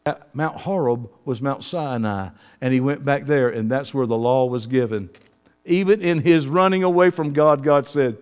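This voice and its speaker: A male pastor preaching an impassioned sermon, swinging from hushed, low testimony to loud shouting. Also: normal speed, clean tone.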